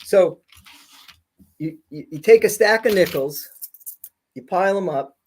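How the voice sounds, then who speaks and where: A man's voice: high voice, lively intonation, unhurried, darkish tone, slight background noise. A middle-aged man, a school principal, telling stories on a video-call podcast with lots of energy and laughter. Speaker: high school principal, guest. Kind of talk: casual podcast interview storytelling.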